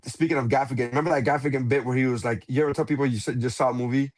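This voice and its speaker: A man's voice: mid-range voice, steady tone, very fast, darkish tone. A young man co-hosting a casual podcast chat, rambling with lots of restarts and swearing freely. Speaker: podcast co-host.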